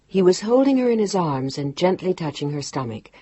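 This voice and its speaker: Low, husky female audiobook narrator. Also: very animated, a little fast, hardly any pauses, dark tone, no echo. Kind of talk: scripted narration.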